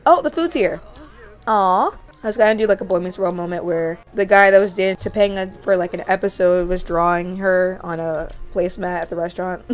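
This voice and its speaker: A young woman hosting a gaming channel, chatting excitedly as she narrates a life-sim game. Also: lowish voice, a little fast, soft background music. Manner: chatty, easily excited, gasps and laughs.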